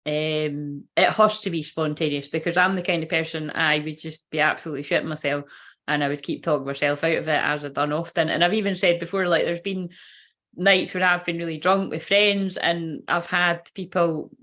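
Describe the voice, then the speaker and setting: A woman's voice: sits low, fairly even intonation, fairly quick, fairly bright tone. A woman who works as a spiritual reader, chatting casually on a livestream, rambling, giggling and swearing freely.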